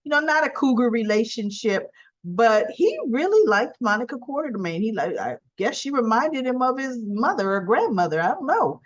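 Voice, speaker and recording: A woman's voice: fairly high pitch, very animated, normal speed. A woman recapping a soap opera episode in a chatty, rambling way full of fillers and asides. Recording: dull lo-fi sound.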